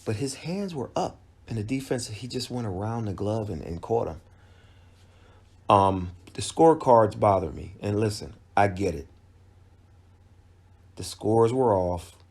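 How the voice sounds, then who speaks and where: Low-voiced slow man talking boxing. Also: expressive, darkish tone, slightly rough. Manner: conversational, emphatic, with frequent restarts. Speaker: boxing commentator. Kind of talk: casual video commentary.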